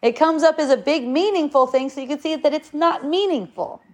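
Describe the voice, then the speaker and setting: A woman's voice: high-pitched, fairly quick. A middle-aged woman giving a casual spiritual talk, rambling and repeating her words as she goes. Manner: rambling, repeats words, acts out shouts and quotes.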